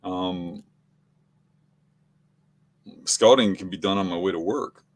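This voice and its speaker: A middle-aged man talking in a matter-of-fact, unhurried way on a podcast. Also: deep voice, a little hiss or hum. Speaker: podcast co-host, hunting guest. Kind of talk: casual conversation.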